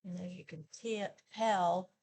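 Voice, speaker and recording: A woman in her sixties with a lowish, steady, darkish voice chats slowly and casually while putting on makeup for a get-ready-with-me beauty video.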